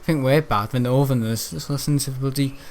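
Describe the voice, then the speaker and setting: A man's voice: mid-range voice, a little fast, a little mellow. A teenage boy from the Wirral with a Merseyside accent, rambling on a live stream. He stumbles over his words with plenty of ums and restarts. A faint background hum sits under his voice. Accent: Merseyside English. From the Wirral, England. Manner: hesitant, many ums and restarts, chuckling. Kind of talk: rambling casual chat.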